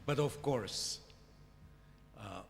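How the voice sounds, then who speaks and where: A man's voice: medium pitch, extremely slow, vocal fry, slight background noise. A man with an Indonesian accent giving a conference lecture, hesitant with many fillers and restarts. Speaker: conference keynote speaker. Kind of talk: academic lecture. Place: conference hall. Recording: hall reverb with faint ambience.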